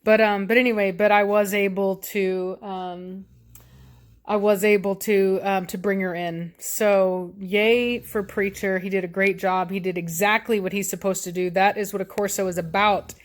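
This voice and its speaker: A woman's voice: medium pitch, fairly even intonation, normal speed. A woman, a dog breeder rambling through a casual story at home. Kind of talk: casual vlog chat. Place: home indoors with puppies.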